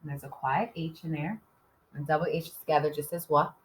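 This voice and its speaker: A woman teaching an early-grade writing lesson, sounding out words letter by letter in a sing-song way, with sudden excited calls and soft near-whispers on quiet sounds. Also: deep voice, a little fast.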